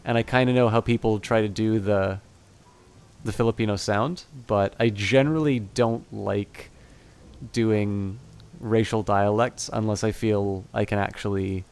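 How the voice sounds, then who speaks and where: A man's voice: on the low side, fairly even intonation, unhurried, darkish tone, smooth. A man, chatting to his stream viewers and reading a game aloud, rambling and apologetic with many restarts. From Canada.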